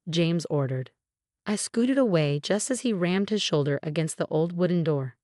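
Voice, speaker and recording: A woman with a lower voice telling a dramatic first-person story with emotional emphasis. The sound is close and dry, like a studio voice-over. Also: animated, unhurried, darkish tone, no room sound. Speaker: story narrator.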